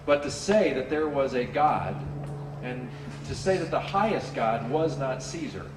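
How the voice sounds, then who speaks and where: Casual preacher in an echoey hall. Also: male voice, medium pitch, unhurried, background noise. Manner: conversational, animated, drops in playful character asides. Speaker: pastor. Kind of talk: sermon. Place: church sanctuary with a congregation. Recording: roomy hall, distant mic, faint ambience.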